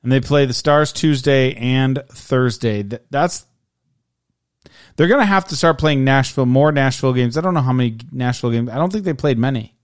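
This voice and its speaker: A man's voice: mid-range voice, normal speed, dry recording, studio quality. A man co-hosting a podcast, casually rattling off game scores and standings. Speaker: podcast co-host. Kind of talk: casual sports chat.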